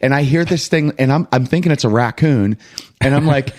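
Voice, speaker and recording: A man's voice: mid-range voice, fairly quick. A man, a coach and co-host, telling a long story in casual chat, acting out the people in it and laughing as he goes. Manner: animated storyteller, acts out quoted voices, laughs while telling.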